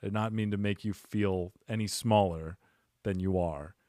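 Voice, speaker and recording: A man hosting a podcast in casual chat, smooth and well-spoken, with a measured broadcast cadence and self-deprecating humor. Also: fairly low pitch, fairly even intonation, mellow, dry recording, studio quality. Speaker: podcast host.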